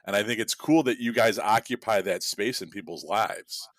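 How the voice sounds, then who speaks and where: Podcast host guy, lowish voice, rambly and swears a lot, dry sound. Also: normal speed, fairly bright tone, no room sound. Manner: profane, rambling storytelling. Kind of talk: casual chat.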